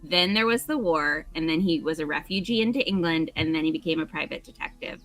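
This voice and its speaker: Bright-voiced woman chatting over a game. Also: deep voice, brisk, faint music behind. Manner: chatty, joking, laughs often. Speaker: game streamer. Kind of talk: casual let's-play chat.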